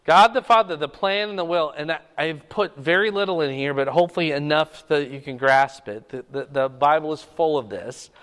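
A man's voice: fairly high pitch, normal speed, hardly any pauses, fairly bright tone, long reverb tail. A man teaching a Bible lesson to a class, often checking that his students are following.

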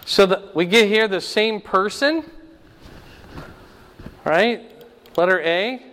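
A man teaching a Bible lesson verse by verse, explaining slowly and checking in with "right?" and "okay?". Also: sits high, bright, forceful tone, big-room sound.

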